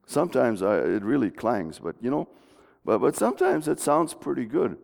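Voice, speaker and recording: A man's voice: medium pitch, animated, moderate pace, gravelly, darkish tone. A middle-aged man preaching a folksy, conversational sermon in a church, often restarting his sentences. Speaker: pastor. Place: church sanctuary. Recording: long reverb of a church hall.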